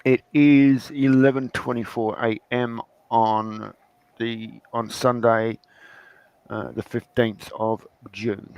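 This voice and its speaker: A man's voice: mid-range voice, slow, clear, resonant tone, no room sound, lo-fi sound. A man, tired after a night shift, chatting casually on a video call and acting out people in his stories. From Australia. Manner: animated storyteller acting out courtroom voices. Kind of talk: casual chat.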